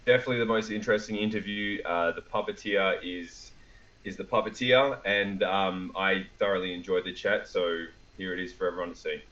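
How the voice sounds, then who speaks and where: A man's voice: sits low, steady tone, brisk, fairly bright tone, lo-fi sound. A man co-hosting a podcast, asking brief questions and agreeing. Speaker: podcast co-host. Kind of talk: casual interview chat.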